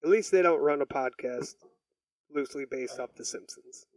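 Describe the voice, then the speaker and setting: A man's voice: a little high, moderate pace, a little mellow, dry recording, recorded from a distance, poor audio. A man co-hosting a podcast in a casual chat, crude and joking. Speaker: podcast co-host.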